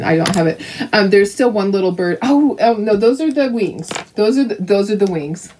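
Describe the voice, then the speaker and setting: A woman's voice: medium pitch, lively intonation, moderate pace, a little mellow. Brief: older woman craft host, friendly running chatter as she paints, laughs a lot, faint background noise. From Canada. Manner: chatty, laughs often, talks to viewers. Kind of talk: casual chat while painting crafts.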